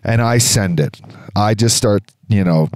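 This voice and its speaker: A man co-hosting a podcast, telling a story in casual chat, animated and profane, acting out what others said. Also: on the low side, unhurried, no echo. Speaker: podcast co-host. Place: indoor studio.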